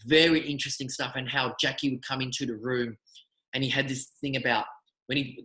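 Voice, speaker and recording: A man, a magician, telling animated, rambling anecdotes in a casual interview. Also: medium pitch, roomy sound, rough recording. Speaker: magician guest.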